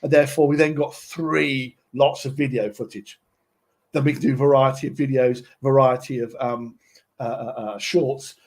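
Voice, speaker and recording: Husky, chatty man. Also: mid-range voice, steady tone, moderate pace, darkish tone. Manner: chatty, keeps checking in with listeners. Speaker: presenter. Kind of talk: casual tutorial talk.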